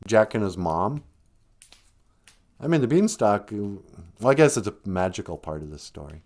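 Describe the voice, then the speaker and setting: Animated man telling a joking folktale. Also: on the low side, normal speed. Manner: joking, loose and conversational. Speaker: podcast host and storyteller. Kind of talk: casual humorous folktale retelling. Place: home live stream.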